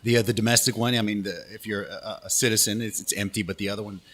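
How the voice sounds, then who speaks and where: A man's voice: fairly low pitch, quick pace. A man, a radio DJ, telling a story in a casual, slangy interview. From Canada. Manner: animated storyteller, laid-back slangy talk. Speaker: radio DJ guest.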